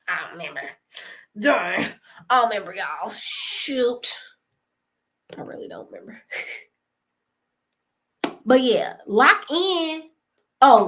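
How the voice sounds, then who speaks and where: A woman talks straight to her viewers in a loose, motivational vlog. Her voice sits a little high and rings bright and forward. She keeps it animated and conversational, laughing easily and calling the audience y'all. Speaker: YouTuber giving creator advice. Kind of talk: casual motivational talk to camera.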